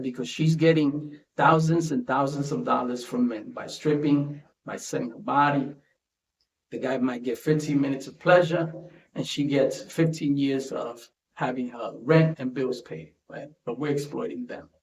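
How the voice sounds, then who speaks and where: A man's voice: medium pitch, steady tone, unhurried, vocal fry. A man hosting a casual commentary monologue, talking conversationally and tagging his points with "right?". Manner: conversational, tags statements with "right?". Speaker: commentary host. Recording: roomy echo.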